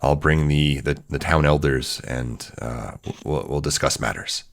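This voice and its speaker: A man voicing an effusive, portly, well-dressed older gentleman who hosts a party. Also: fairly even intonation, a little slow. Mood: hushed. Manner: booming, effusive welcome. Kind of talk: tabletop role-play character voice.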